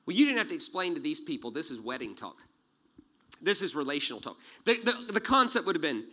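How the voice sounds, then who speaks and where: A man in his forties preaching a sermon, animated and joking, acting out quotes as he tells stories. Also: fairly high pitch, fairly quick. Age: 40s. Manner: animated storytelling with jokes and acted-out quotes. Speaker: pastor.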